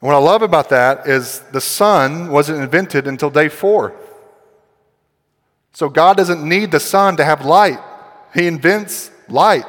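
A man's voice: on the high side, a bit bright. Man preaching in a reverberant hall. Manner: conversational teaching, building to emphatic quoted lines. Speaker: pastor. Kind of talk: sermon.

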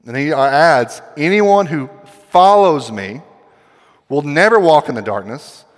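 A man's voice: fairly high pitch, expressive, measured pace. Pastor, male, conversational teaching sermon with emphatic quotes, recorded in a reverberant hall.

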